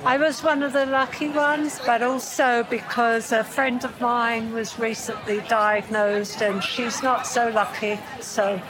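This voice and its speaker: A woman speaks earnestly and supportively at an outdoor charity run. Her voice sits a bit high, and crowd chatter fills the background. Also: steady tone, a little slow, few pauses, low-quality recording. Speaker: run participant.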